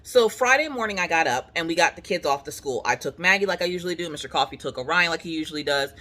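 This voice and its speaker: A woman's voice: deep voice, animated, fast, bright, forceful tone. A young adult woman in a casual at-home chat, telling a story in a dramatic, comic way and acting out the people in it. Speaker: craft vlogger. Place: at home on a couch.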